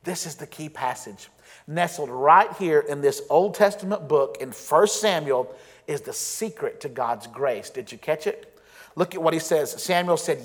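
A man preaching a sermon as pastor, earnest and emphatic, slowing down to stress key phrases. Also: on the high side, animated, a bit bright. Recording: long reverb of a large hall.

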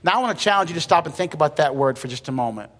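A man's voice: on the high side, expressive, racing, fairly bright tone. A male pastor preaching a sermon in a conversational way, with light humor and emphatic repetition. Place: church sanctuary. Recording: long reverb of a church hall.

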